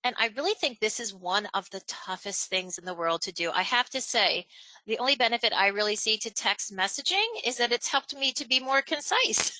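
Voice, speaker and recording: Lively woman running a zoom webinar, bright and a bit high, dry close mic. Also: a little fast, dry recording, low-quality recording. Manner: energetic, emphatic, varies tone and pace on purpose. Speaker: webinar presenter. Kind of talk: online presentation training.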